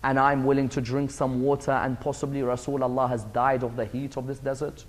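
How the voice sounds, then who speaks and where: Humble, devoted desert companion as a male lecturer quotes him: earnest, low and soft-spoken. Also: little pitch movement, brisk, natural voice.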